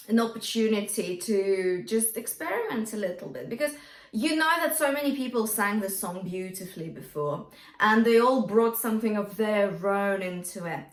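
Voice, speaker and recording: A woman's voice: fairly high pitch, fairly bright tone. A woman vocal coach teaching a singing lesson, often checking in with "yeah?" and singing short lines to demonstrate. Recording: roomy, from a distance.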